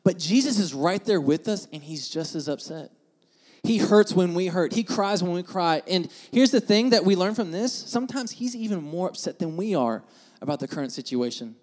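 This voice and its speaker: A man preaching a sermon who is earnest and repeats words as he builds emphasis, moving between hushed scripture reading and loud rising points. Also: high voice, lively intonation, moderate pace. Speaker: pastor.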